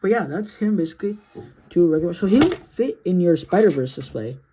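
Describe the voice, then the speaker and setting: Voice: mid-range voice, lively intonation, fast, noisy background. A sleepy, yawning action figure reviewer talking through a casual toy review in a rambling, self-correcting, apologetic way.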